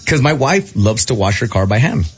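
A man in his thirties hosting a show, telling a story in casual chat, animated and laughing, jumping into a high squeal when he quotes people. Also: normal speed, slightly rough, muffled recording, faint music behind. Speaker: radio show host.

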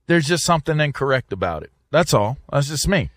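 A man talking on a casual podcast, his voice in an even middle register. He circles his point, repeating words and restarting sentences. The sound is dry and close, with no room around it. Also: mid-range voice, fairly quick, hardly any pauses, no room sound. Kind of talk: casual debate chat.

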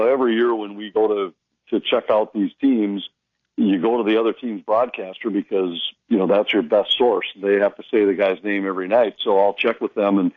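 A man's voice: on the low side, dry recording, muffled recording. A man, a hockey announcer, telling stories in a casual radio chat and acting out the voices of the people he quotes. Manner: storytelling, animated quoting of others.

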